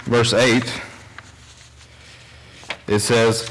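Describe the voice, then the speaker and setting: A man's voice: medium pitch, moderate pace, pauses often, a bit bright, rough recording. A young man preaching a sermon in a church, mixing scripture reading with earnest, conversational storytelling asides.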